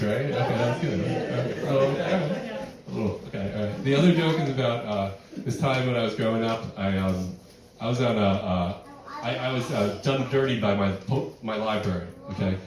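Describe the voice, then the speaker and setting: Middle-aged male stand-up comic, rambling and self-deprecating, mid-pitched voice, distant mic in a very echoey venue with a laughing crowd. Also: normal speed. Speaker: stand-up comedian. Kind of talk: stand-up comedy set. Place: barn music venue with live audience.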